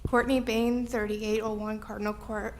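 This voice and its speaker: A young woman giving a public comment at a village meeting, emotional and halting, close to tears, with many ums. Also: a little high, little pitch movement, a little mellow, a little hiss or hum. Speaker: resident speaking at public comment.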